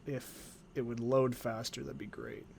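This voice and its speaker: A man's voice: medium pitch, level tone, measured pace, creaky, a little mellow, a little hiss or hum. A man hosting a game let's play, chatting casually in a rambling, profane, joking way. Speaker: gaming channel host.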